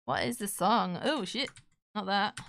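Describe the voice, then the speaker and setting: A woman's voice: medium pitch, a little slow, a bit bright, no echo, clean studio sound. A woman streamer chatting casually with her live chat while she draws, joking and self-deprecating.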